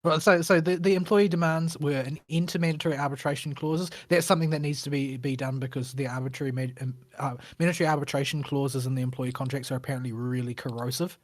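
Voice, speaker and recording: A man's voice: medium pitch, steady tone, fast talker, hardly any pauses, dry recording. A man co-hosting a casual gaming chat show, blunt and opinionated, often hesitating with fillers. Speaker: podcast co-host.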